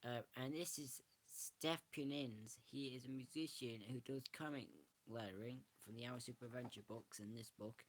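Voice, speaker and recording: A man, casually showing a book on camera and rambling through it with frequent restarts. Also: mid-range voice. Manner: rambling, restarts often, self-correcting. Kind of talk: casual show-and-tell.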